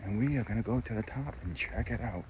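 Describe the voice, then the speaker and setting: A man's voice: on the low side, quick pace, noisy background. A man vlogging a walk outdoors, chatty and enthusiastic as he narrates what he sees. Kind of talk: walking tour vlog. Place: outdoors on a nature trail and lookout tower.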